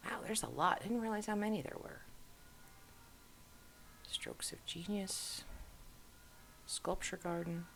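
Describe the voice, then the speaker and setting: Low, gravelly middle-aged woman musing. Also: a little hiss or hum. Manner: rambling, musing aloud. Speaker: host. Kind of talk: casual screen-share commentary.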